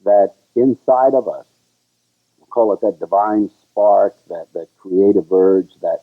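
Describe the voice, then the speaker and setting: Husky-voiced man telling a story. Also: measured pace. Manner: animated storyteller who sings high "la la" bits. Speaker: show co-host. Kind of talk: casual storytelling chat. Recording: tinny, phone-like, lo-fi sound.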